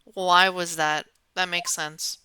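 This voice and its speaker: A woman streaming a game, chatting casually and thinking out loud, animated and swearing often. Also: lowish voice, slow pace, clear, resonant tone, no echo.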